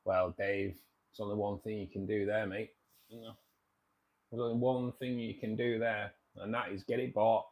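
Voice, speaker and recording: A man's voice: on the low side, little pitch movement, normal speed, darkish tone. A man hosting a casual livestream, reading viewer comments and chatting in a jokey way, often repeating himself.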